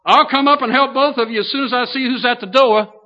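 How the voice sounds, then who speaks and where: A man's voice: very high voice, quick pace, pitched above the performer's own voice. A man voicing a forgetful ninety-two-year-old man in a folksy joke during a sermon. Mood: amused. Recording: dull lo-fi sound.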